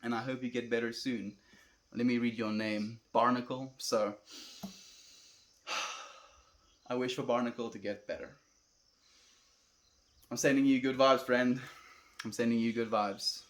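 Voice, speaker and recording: A man's voice: medium pitch, unhurried, pauses often. Laid-back South African man chatting. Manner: calm, laid-back, calls viewers friend. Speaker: livestreamer reading chat. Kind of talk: relaxed livestream chat.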